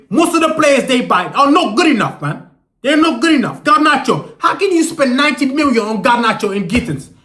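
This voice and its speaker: Young man, very high voice, lively swings in pitch, furious swearing rant, echoey room. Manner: furious, swearing, repeats words and stutters. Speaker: football fan vlogger. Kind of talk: angry fan rant.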